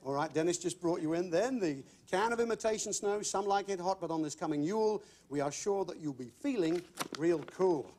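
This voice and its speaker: A man's voice: high-pitched, brisk, hardly any pauses, darkish tone. Chirpy man hosting a game show. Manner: chirpy, jokey patter with repeated phrases. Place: television studio with live audience. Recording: old broadcast recording with audience.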